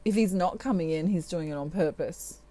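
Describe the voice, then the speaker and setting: A woman's voice: fairly low pitch, moderate pace, mellow. A middle-aged woman giving a tarot reading, laughing often and acting out quoted lines. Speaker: tarot reader.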